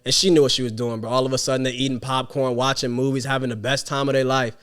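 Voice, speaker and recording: A man's voice: medium pitch, fast talker, smooth. A young man hosting a podcast, telling a story in casual slangy chat and acting out the people he quotes. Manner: animated, slangy, acts out quotes in other voices. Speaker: podcast host.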